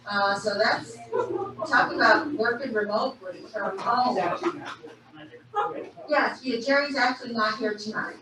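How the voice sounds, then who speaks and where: A woman's voice: a little high, unhurried, pauses often. A woman emceeing a live dance event, announcing in an upbeat, chatty way. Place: large temple hall. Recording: echoey hall from far off, noisy.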